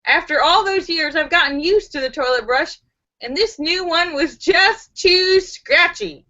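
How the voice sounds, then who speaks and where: A woman's voice: very high voice, a little slow, sharp tone, highs cut off, pitched above the performer's own voice, heavily acted. Woman doing a prim doting grandma. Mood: apologetic. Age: over 60. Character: sweet old grandmother, matter-of-fact.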